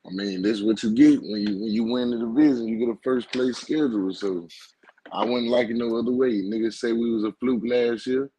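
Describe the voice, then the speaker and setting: A man's voice: medium pitch, brisk, warm tone, breathy edge, no echo, rough recording. A man in casual sports chat, brash and boastful, full of slang and trash talk. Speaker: co-host, football fan.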